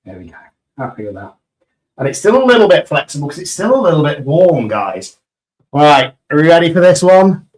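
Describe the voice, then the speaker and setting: A man with a British accent chatting enthusiastically on a live stream while demolding resin pieces, a little croaky after hours of talking. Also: on the high side, very animated, a little fast, darkish tone. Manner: chatty and enthusiastic, greeting viewers.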